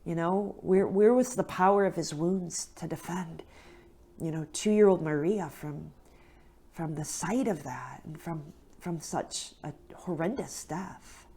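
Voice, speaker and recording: A woman's voice: fairly low pitch, slow, mellow, husky. Earnest woman telling a faith story. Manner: earnest and emotional, many fillers and "right?". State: near tears at times. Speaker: guest speaker. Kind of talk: casual faith talk, storytelling.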